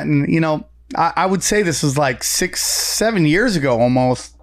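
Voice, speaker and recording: A man in his forties, a comedian, telling stories in an animated casual chat and swearing often. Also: fairly high pitch, moderate pace, few pauses, clean tone. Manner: animated storytelling, frequent swearing. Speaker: guest comedian.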